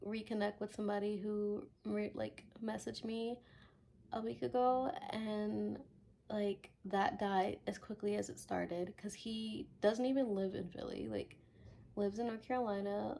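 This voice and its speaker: A young woman rants on her vlog in a loose, chatty way, full of fillers, and slips into little acted-out quotes. Her voice sits at a middling pitch with a steady gravelly fry. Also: a little hiss or hum. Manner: chatty storytelling, filler-heavy, acts out quotes. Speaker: vlogger. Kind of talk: casual vlog rant.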